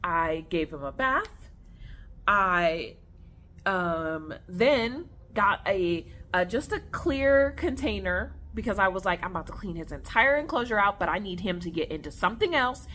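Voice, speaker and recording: A young woman vlogger at home, casually telling a story to viewers in an animated, chatty way. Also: mid-range voice, unhurried, slight background noise. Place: at home on the floor with her snake.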